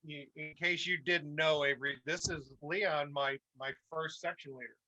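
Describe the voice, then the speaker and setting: A middle-aged man hosting a casual chat, telling an animated story and acting out the voices he quotes. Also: a little high, normal speed, highs cut off. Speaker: host.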